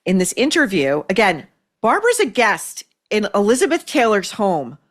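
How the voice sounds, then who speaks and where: A woman's voice: medium pitch, big pitch swings, normal speed. A woman hosting an opinion show, delivering blunt, sarcastic, profane commentary. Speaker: podcast host.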